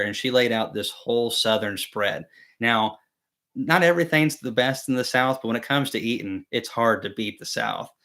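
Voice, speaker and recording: A man's voice: fairly low pitch, fairly bright tone. A young man hosting a casual beekeeping live chat, telling rambling, self-deprecating stories with many fillers and restarts. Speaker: beekeeping channel host.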